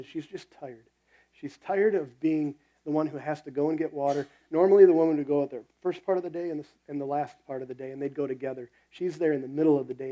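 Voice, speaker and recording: Casual preaching pastor, mellow tone. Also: male voice, on the high side, highs cut off. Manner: conversational, animated storytelling with quoted voices. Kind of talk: sermon.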